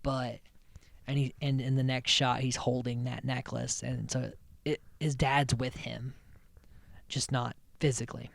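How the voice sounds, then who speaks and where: A man's voice: mid-range voice, level tone, measured pace, creaky, dry recording. A man hosting a podcast, recapping episodes in a rambling, chatty way, swearing freely and often restarting his sentences. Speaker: podcast host.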